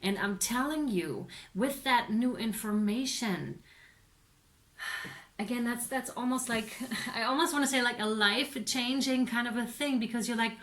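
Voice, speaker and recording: Excitable woman doing a tarot reading. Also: a little high, moderate pace, slight background noise. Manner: excitable, swears, laughs often. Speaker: tarot reader. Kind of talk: casual tarot reading to camera.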